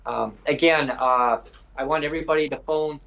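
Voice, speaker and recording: A man's voice: fairly high pitch, normal speed, creaky, lo-fi sound. Rambling, emphatic man hosting a podcast. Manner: rambling and emphatic, with frequent hesitations. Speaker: podcast host. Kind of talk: live podcast advocacy talk.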